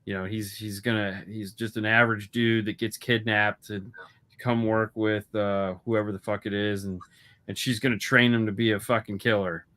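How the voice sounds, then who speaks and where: A man's voice: fairly low pitch, level tone, moderate pace, sharp tone. A man co-hosting a casual movie chat, rambling and swearing with lots of restarts. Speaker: podcast co-host.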